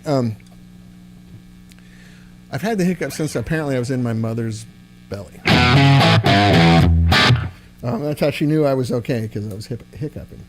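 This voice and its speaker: Rambling man over loud guitar. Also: mid-range voice, moderate pace, long pauses. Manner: relaxed, rambling, answers chat with filler words. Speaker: livestream host and amp builder. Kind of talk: casual livestream chat. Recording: loud guitar amp playing behind. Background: electric guitar through amp.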